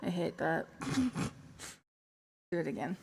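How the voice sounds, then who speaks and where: A woman's voice: deep voice, fairly even intonation, takes it slowly, gravelly, husky. A young woman streamer chatting casually between songs, rambling, joking at her own expense and laughing often, with reverb on her voice. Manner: self-mocking, joking.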